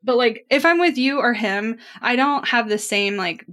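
A woman's voice: fairly high pitch, moderate pace, fairly bright tone. A woman co-hosting a podcast in casual chat, wry and rambling a little as she talks. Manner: chatty, wry, rambling with restarts. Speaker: podcast co-host.

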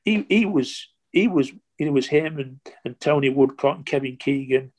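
A man in his sixties, a former footballer, telling stories casually in an interview, animated and rambling with lots of "you know" and restarts. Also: medium pitch, normal speed. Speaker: former professional footballer, guest.

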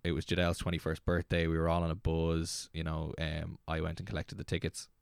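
A young Irish man in his twenties, a DJ telling a rambling, excitable story as a guest. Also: very deep voice, fairly quick, gravelly, clean tone, no room sound, studio quality. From Ireland. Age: 20s. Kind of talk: casual storytelling.

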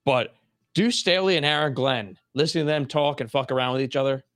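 A young adult man hosting a casual sports talk show, animated and quick to jump into high voices. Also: dry recording, clean studio sound. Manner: animated, jumps into high voices when quoting. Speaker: podcast host.

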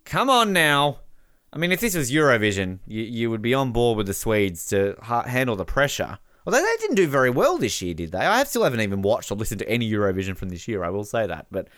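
Animated man commentating a match. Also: fairly low pitch, quick pace, few pauses, dry recording, studio quality. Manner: chatty, jokey, bursts into excited shouting at big moments. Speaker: podcast co-host. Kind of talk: casual live-watch commentary.

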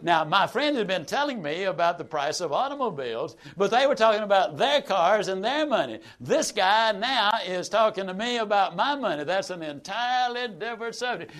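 A man, a sales trainer telling a folksy, animated story with dramatic pauses. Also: high-pitched.

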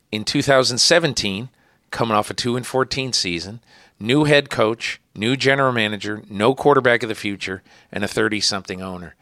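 A male podcast host interviewing a guest, telling anecdotes with lively energy and some hesitant restarts. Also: on the low side, no echo, clean studio sound. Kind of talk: conversational interview.

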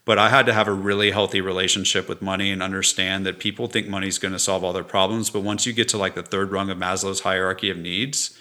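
Bright-toned earnest man telling his story. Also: low voice, little pitch movement, fast, few pauses. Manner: earnest, reflective, laughs while telling stories. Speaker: podcast guest, entrepreneur. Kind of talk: candid conversational interview.

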